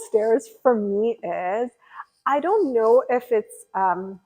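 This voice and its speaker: A woman's voice: on the high side, expressive, slow, dark tone, muffled recording. A young woman livestreaming, chatting casually and rambling through viewer comments with lots of fillers. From California.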